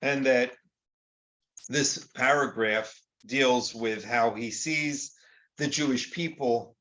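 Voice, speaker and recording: A man's voice: mid-range voice, slow pace, fairly bright tone. An older man teaching Torah in an informal, conversational lecture, often acting out quoted exchanges with rhetorical rises.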